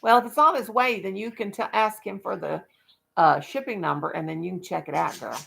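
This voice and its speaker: Fairly quick and fairly bright, this mid-range female voice carries vocal fry as the livestream vlogger talks casually. She's folksy and chatty, occasionally cooing baby talk at her dog.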